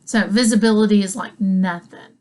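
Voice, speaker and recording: This comedian's voice is medium-pitched, steady, and dark, moving at a moderate pace. She spins a funny, rambling story full of self-interrupting asides, chuckling as she goes.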